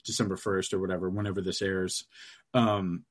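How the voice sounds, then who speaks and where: A man's voice: deep voice, little pitch movement, normal speed. A middle-aged man, a guest on a podcast, chatting casually in a loose, crude storytelling way. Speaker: guest, comic book creator.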